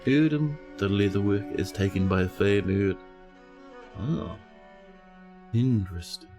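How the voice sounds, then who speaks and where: A man's voice: lowish voice, expressive, a little slow, over music. A man with a New Zealand accent, casually commentating his game stream with playful, mock-dramatic teasing and a soothing voice.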